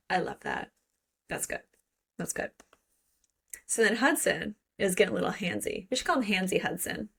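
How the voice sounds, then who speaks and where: A woman's voice: medium pitch, lively intonation, normal speed, gravelly, long pauses, fairly bright tone, slightly rough. A young woman co-hosting a book podcast, chatting casually and reading passages aloud, giggly and full of "like". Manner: giggly, gushing, lots of "like". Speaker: podcast co-host.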